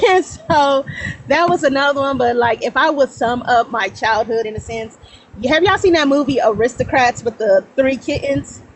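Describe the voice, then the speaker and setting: A lively woman in her thirties with a fairly high voice, telling stories in a loose, rambling way and breaking into laughter. Her delivery is casual and animated, with a faint hiss behind her. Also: moderate pace, rough recording. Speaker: guest. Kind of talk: casual storytelling on a livestream.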